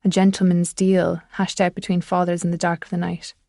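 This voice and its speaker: A woman narrating a thriller audiobook in measured, scripted storytelling. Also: on the low side, completely flat delivery, creaky, dark tone, no room sound, studio quality.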